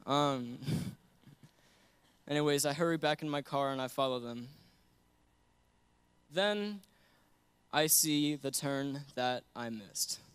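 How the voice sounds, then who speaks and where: A man's voice: mid-range voice, slow, long pauses, a bit bright, clean tone, no echo. A young man giving an earnest sermon that mixes scripture with a personal story, often laughing between points. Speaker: guest preacher.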